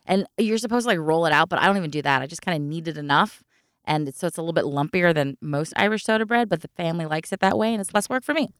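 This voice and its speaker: A woman's voice: on the low side, very fast, smooth, dry recording, clean studio sound. A middle-aged woman co-hosting a podcast in casual chat, laughing often and explaining recipes step by step. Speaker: podcast co-host.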